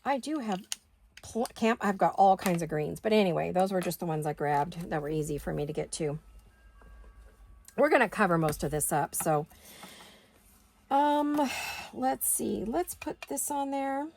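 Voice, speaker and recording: A woman's voice: mid-range voice, animated, moderate pace, vocal fry, pauses often, darkish tone, a little hiss or hum. A middle-aged woman hosting a craft video, chatting casually to her viewers and to herself as she works. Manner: chatty, talks to herself while working.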